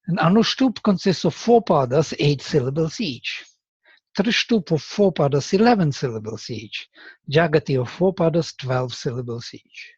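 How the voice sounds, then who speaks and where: Male lecturer, unhurried and methodical, slightly raised pitch, dry and dull lo-fi sound. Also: lively intonation, a little mellow, husky, dry recording. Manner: slow and deliberate, tapping out rhythms aloud.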